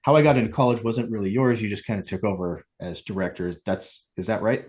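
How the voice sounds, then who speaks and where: A man's voice: fairly low pitch, steady tone, fast, a little mellow. A man hosting a podcast in casual chat, rambling into digressions and laughing at himself. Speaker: podcast host.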